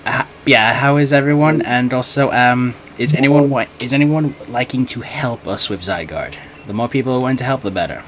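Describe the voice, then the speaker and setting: A man's voice: mid-range voice, crowd noise. Nervous streamer man. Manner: nervous, halting, many restarts. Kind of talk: casual live-stream chat.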